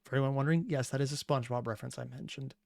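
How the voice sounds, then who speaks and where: A man hosting a reaction video, chatting casually with rambling, excitable asides. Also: mid-range voice, rapid-fire, vocal fry, no echo, clean studio sound. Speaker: reaction channel host.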